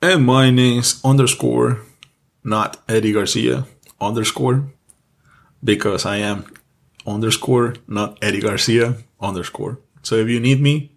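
A man's voice: mid-range voice, steady tone, measured pace, gravelly. A man with a Mexican accent, Spanish his first language, co-hosting a casual podcast in an earnest, repetitive way, swearing freely. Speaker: podcast co-host.

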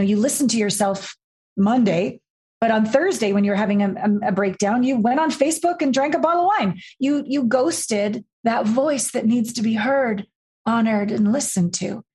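A woman who works as a life and intimacy coach, talking as a podcast guest and acting out the voices in her stories. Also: mid-range voice. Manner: animated storyteller, acts out quoted voices, swears freely.

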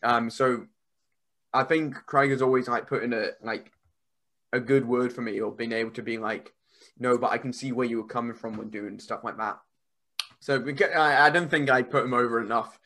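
A man's voice: medium pitch, steady tone, normal speed, bright, forceful tone. A man guesting on a podcast, chatting casually and rambling with lots of "like" and restarts. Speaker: wrestler guest.

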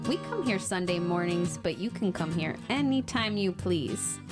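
A woman's voice: on the low side, animated, moderate pace, music in the background. Giggly young woman podcast co-host. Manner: giggly, playful banter. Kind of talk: casual chat.

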